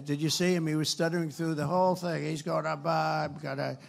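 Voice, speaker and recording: An older man with a gravelly voice delivers a campaign rally speech into a stage microphone. He rambles and repeats himself, turns sarcastic, and swings from loud, punchy lines to low asides. His voice sits a bit high for a man. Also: steady tone, normal speed, few pauses. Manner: rambling and repetitive, swinging between loud and soft. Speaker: political candidate. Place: rally stage before a crowd.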